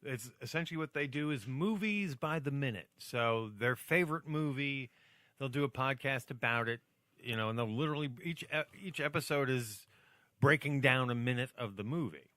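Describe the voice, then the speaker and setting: A man's voice: medium pitch, expressive, moderate pace, fairly bright tone, dry recording, clean studio sound. A man hosting a podcast in casual banter, joking and rambling with playful asides. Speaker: podcast host.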